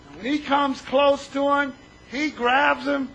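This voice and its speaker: High-voiced preacher. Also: male voice, fairly even intonation, unhurried, gravelly, background noise. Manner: dramatic storytelling, acting out voices and calling out to listeners. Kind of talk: sermon retelling a Bible story.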